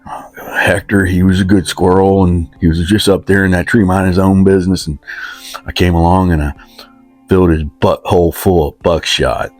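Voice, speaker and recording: A man's voice: low voice, level tone, normal speed, darkish tone, dry recording, soft background music. A man, telling a rambling, self-deprecating comic story in loose country talk. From West Virginia, USA. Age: 50s. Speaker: comedic storyteller.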